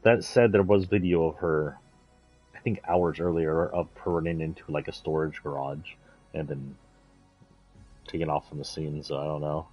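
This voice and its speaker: A man's voice: extremely low pitch, fairly even intonation, normal speed, highs cut off, soft background music. A man streaming a video game, chatting casually in an offhand, rambling way and swearing now and then. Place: indoors, playing a video game.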